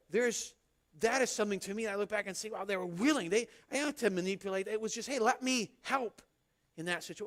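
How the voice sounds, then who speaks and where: Animated high-voiced man preaching a sermon. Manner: conversational and animated, acting out little exchanges. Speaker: pastor. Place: church sanctuary.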